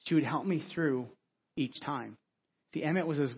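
A male pastor preaching to his church in quick, tumbling phrases, often circling back on his words as he builds toward a point. His voice sits a little high and has a husky edge. The audio is dull and lo-fi. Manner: conversational, repeats words while building a point. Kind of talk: sermon.

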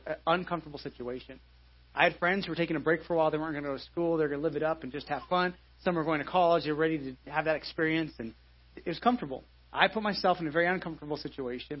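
A man's voice: a little high, husky, highs cut off. A pastor in his forties giving a live sermon in a church, conversational, with many restarts and repeated phrases. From United States.

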